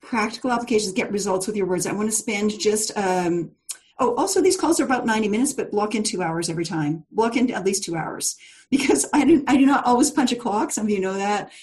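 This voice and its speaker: Her mid-range voice is expressive and a little mellow, and she talks fast. She's the course leader of a live online class held over video call, where she stays chatty and encouraging, laughs readily, uses fillers and restarts, and speaks straight to her students.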